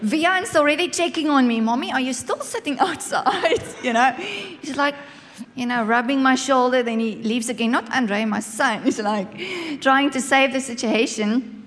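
A woman telling a humorous story about her marriage to an audience, expressive and laughing often. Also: high voice, normal speed, a little hiss or hum. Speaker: speaker sharing a marriage story. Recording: echoey hall.

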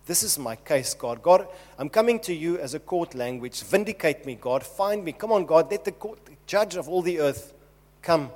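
A man's voice: mid-range voice, animated, moderate pace, a little mellow, lightly acted. A man preaching who voices King David as a desperate man pleading urgently with God. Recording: long hall reverb.

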